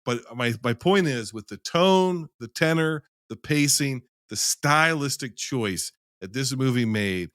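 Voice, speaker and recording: A man's voice: medium pitch, lively intonation, a little slow, few pauses, fairly bright tone, no room sound, studio quality. A man in a casual film-review chat, rambling and emphatic, who swears freely.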